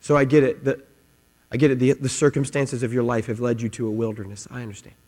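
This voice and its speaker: A man preaching a sermon with passion, repeating his words and swinging between loud, driving lines and hushed ones. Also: mid-range voice, level tone, quick pace. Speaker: pastor. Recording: long hall reverb, mains hum.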